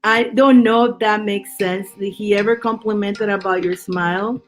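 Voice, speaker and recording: A woman's voice: mid-range voice, steady tone, normal speed. A woman doing a live-streamed psychic tarot reading, reassuring and chatty, often restarting and repeating words. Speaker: tarot reader.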